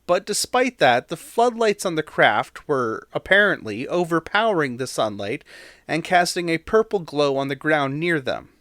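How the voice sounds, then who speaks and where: A man's voice: fairly high pitch, fairly bright tone, no room sound, studio quality. A man co-hosting a podcast, recounting a story in a chatty way with fillers and reading quotes aloud. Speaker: podcast co-host.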